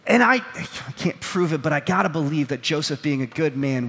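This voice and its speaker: A man preaching from a stage in a big hall, his voice sitting high for a man. He tells stories earnestly and pokes fun at himself, miked up. The sound trails off in a long reverb. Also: expressive, normal speed, vocal fry, few pauses, a bit bright. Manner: storytelling with acted quotes, earnest and self-deprecating. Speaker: pastor. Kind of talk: sermon. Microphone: wearing a microphone.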